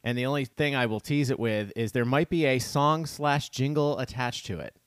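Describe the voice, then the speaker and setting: A man's voice: mid-range voice, normal speed, dry recording. Guy co-hosting a podcast, talks on and on, bit emotional, dry close mic. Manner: chatty, rambling, emotional. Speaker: podcast co-host. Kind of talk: casual podcast chat.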